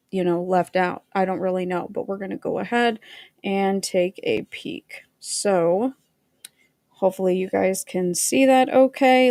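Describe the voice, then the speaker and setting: A woman's voice: medium pitch, creaky, a little mellow, dry recording, studio quality. Chatty woman hosting a livestream. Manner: chatty, rambling with fillers, reads documents aloud. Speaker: livestream host. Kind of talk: casual livestream chat and reading aloud.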